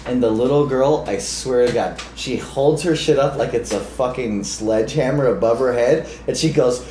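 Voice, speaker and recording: A man's voice: medium pitch, normal speed. Roomy-sounding man telling a story. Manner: animated, swears freely, acts out people in his stories. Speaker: podcast co-host. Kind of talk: casual storytelling chat. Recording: roomy with faint noise.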